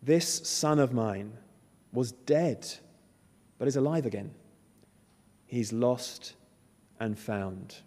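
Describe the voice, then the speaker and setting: A man's voice: mid-range voice, slow, pauses often, dark tone. A man preaching a sermon, emphatic and storytelling, acting out the characters' lines. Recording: long hall reverb.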